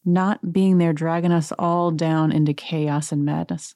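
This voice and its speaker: Woman podcast host with a lowish voice, gossipy and wry, dry close recording. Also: fairly even intonation, measured pace, mellow, no room sound. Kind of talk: casual reality-TV recap.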